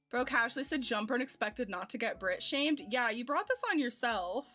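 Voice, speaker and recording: A woman's voice: a little high, lively intonation, fairly quick, few pauses. An American woman in her twenties, a streamer chatting casually and giggling as she thinks aloud while playing a game. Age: 20s. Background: soft game music.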